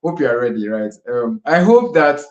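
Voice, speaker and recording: A man's voice: medium pitch, very animated, normal speed, reverberant, dull audio. A man hosting a live session in a studio, chatty and casual, with lots of fillers and frequent laughter. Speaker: host of a live kids' finance session.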